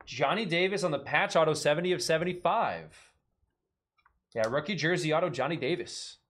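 A man's voice: on the high side, brisk, fairly bright tone. A man hosting a live card break, rattling off card names and joking between pulls.

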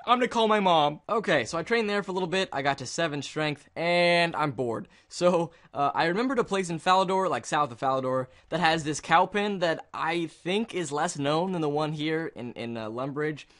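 A man giving casual gameplay commentary, excitable and jokey, with mock-dramatic outbursts. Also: fairly high pitch, moderate pace, hardly any pauses. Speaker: gaming video creator.

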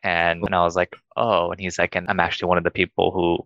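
A young man casually telling a ghost story to friends, animated and acting out the voices he quotes. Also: fast talker, gravelly, dull audio, a little hiss or hum. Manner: animated, acts out quoted voices in higher pitch.

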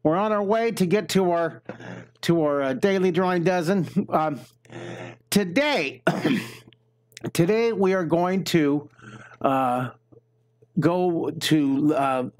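A man's voice: fairly high pitch, slow pace, long pauses. A man giving a live drawing lesson, chatting with and greeting viewers while he talks through each step. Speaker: drawing teacher.

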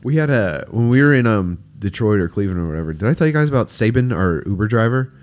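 A man co-hosting a podcast, chatting casually and chiming in with rapid jokes. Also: lowish voice, expressive, a little mellow. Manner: rapid, joking interjections. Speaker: podcast co-host. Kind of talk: casual chat.

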